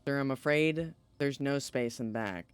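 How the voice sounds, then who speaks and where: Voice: mid-range voice, unhurried, soft background music, voice pushed down, close to an everyday voice. A streamer voicing a polite, reassuring paramedic, reading from a story game. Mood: calm. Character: calm professional paramedic.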